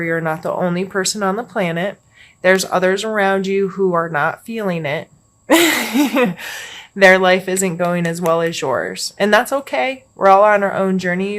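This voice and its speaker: Slow, low-voiced woman reading tarot. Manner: gentle, meandering, with many fillers. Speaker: tarot reader. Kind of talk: casual tarot card reading.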